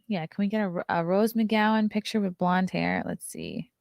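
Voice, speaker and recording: A woman's voice: mid-range voice, moderate pace, gravelly, dry recording, studio quality. Chatty woman hosting a stream. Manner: chatty, riffing, laughs often. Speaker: host. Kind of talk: casual live-stream chat.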